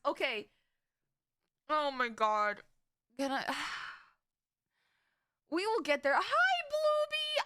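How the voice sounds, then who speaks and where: A woman's voice: high voice, pushed and bright, no echo, clean studio sound. A young woman streamer chatting with her live audience, rambling and giggling, often stopping to correct herself. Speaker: VTuber streamer. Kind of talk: casual live-stream chat.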